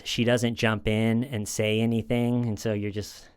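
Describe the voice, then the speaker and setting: A man's voice: on the low side, level tone, a little slow, few pauses, smooth. A man giving casual true crime commentary, retelling a scene in a conversational way with repeated phrases and small restarts.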